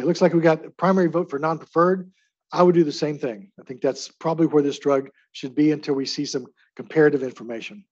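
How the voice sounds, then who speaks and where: A man's voice: a little high, darkish tone, slightly rough, muffled recording. A man lecturing on drugs to a live class in a chatty way, asking the audience to vote by raising their hands. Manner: chatty, asks the audience for hand votes. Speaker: pharmacy lecturer.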